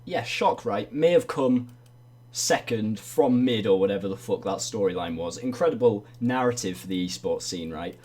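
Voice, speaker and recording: A man's voice: on the low side, animated, normal speed, darkish tone. A man hosting a comedic livestream awards show, crude and mocking, with plenty of swearing. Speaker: host.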